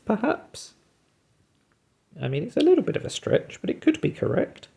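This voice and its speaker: Gravelly, husky man thinking aloud. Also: a little high, sing-song, normal speed, darkish tone. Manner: musing, talks himself through guesses. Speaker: puzzle video host. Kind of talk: thinking aloud while solving a word puzzle.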